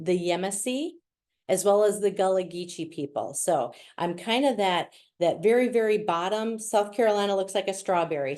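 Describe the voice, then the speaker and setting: Over a video call, a middle-aged guest speaker from Wisconsin presents in a talkative, lighthearted way. She has a lowish, slightly mellow voice and a Wisconsin accent.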